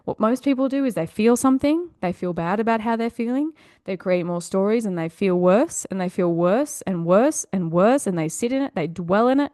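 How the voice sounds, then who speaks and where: A woman's voice: medium pitch, dark tone, no room sound, studio quality. A woman hosting a self-help podcast, talking in an upbeat, encouraging, chatty way. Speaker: podcast host. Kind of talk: motivational podcast monologue.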